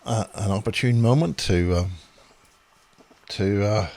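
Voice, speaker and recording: A man's voice: lowish voice, measured pace, a little mellow. A man hosting a casual interview, throwing in wry, joking asides.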